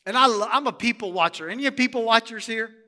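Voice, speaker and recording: A middle-aged male pastor preaching a sermon in a church, animated and asking the congregation questions. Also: extremely high pitch, quick pace, big-room sound.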